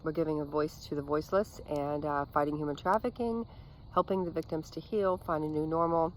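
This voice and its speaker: A middle-aged woman recording a casual evening video outdoors, reading her own memoir chapter aloud in an earnest, unhurried way, with frequent ums and small restarts. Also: deep voice, fairly even intonation, a little hiss or hum, low-quality recording. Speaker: author reading from her book.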